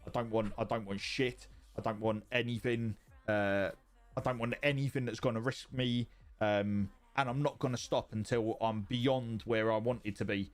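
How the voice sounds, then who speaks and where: In a relaxed livestream from his home, this man goes through viewer messages in a sweary, rambling, repetitive way. His mid-range voice keeps a steady tone at a moderate pace.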